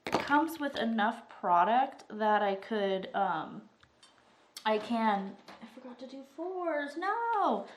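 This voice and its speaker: Crafting at her table, a thirtysomething vlogger from Arizona, US, rambles in a chatty way and says "like" frequently. Strep throat has left her breathing a little heavily. Her pitch is a little high, with slight background noise.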